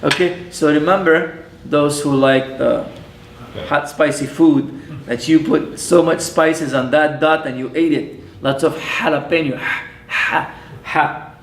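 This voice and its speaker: A man, an imam, teaching a classroom lesson, patient and playful, repeating sounds slowly for his students. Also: a little high, creaky, slight background noise. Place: mosque classroom. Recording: echoey room.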